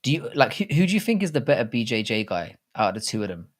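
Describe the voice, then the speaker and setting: Speaking fast in a sing-song, mid-range voice, the livestream host rambles through casual talk about fight betting. His humor is crude, and he restarts a lot.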